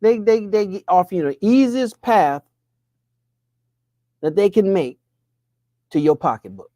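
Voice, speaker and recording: A man with lively intonation and a warm tone speaks a little slowly in clean, studio-quality audio with no room sound. This money coach gives a motivational talk like a preacher, firing off rhetorical questions, his pitch rising when he presses a point.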